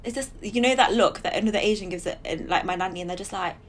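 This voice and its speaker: A woman's voice: medium pitch, fast talker, slight background noise. A young woman, chatting as a podcast guest, laughing often and acting out other people's lines. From England. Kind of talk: casual chat.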